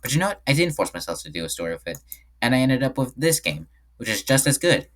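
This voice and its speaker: A man's voice: mid-range voice, very animated, quick pace, fairly bright tone. A man giving casual screen-share commentary on his own game, rambling and often correcting himself mid-sentence. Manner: rambling, frequent self-corrections. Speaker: game developer.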